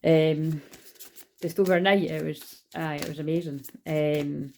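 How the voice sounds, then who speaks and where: A woman's voice: deep voice, fairly even intonation, a little slow, creaky, darkish tone, a little hiss or hum. A Scottish woman giving a casual, rambling spiritual card reading, chatty and swearing now and then.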